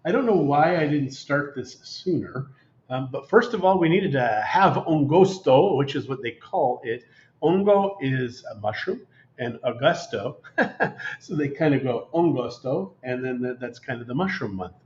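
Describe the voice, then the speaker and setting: A man's voice: mid-range voice, animated, measured pace, darkish tone. A man co-hosting a casual chat show, telling stories with playful exaggeration. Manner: joking storyteller, playful exaggeration. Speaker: co-host. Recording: roomy, dull lo-fi livestream sound.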